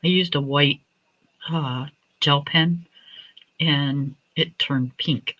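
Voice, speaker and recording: A woman hosting a livestream from home, chatting in a meandering, relaxed way. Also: low voice, extremely slow, muffled recording. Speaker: livestream host. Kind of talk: casual chat.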